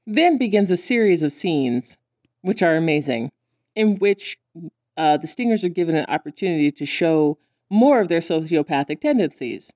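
A woman's voice: sits low, lively intonation, moderate pace, warm tone, no room sound, clean studio sound. A woman co-hosting a casual podcast, recapping a cartoon and acting out the characters' lines in voices. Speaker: podcast co-host.

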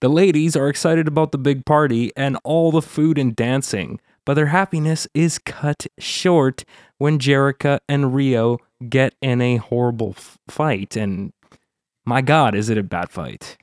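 A man hosts a casual podcast at an ordinary pitch, recapping episodes briskly with a wry, sarcastic edge. The sound is dry and close, with no room around it. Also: dry recording. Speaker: podcast host.

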